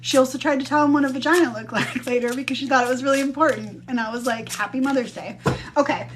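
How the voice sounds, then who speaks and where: A woman's voice: sits high, fairly even intonation, fast talker. A woman in her thirties chatting casually on a live stream, telling stories with quoted voices and some swearing. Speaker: livestream host.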